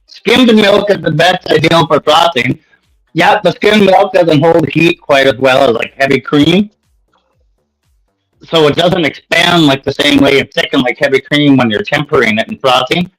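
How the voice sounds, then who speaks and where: A man's voice: a little high, normal speed, fairly bright tone, faint music behind, rough recording. A man chatting casually on a livestream, laid-back, explaining things plainly and joking. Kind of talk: casual chat.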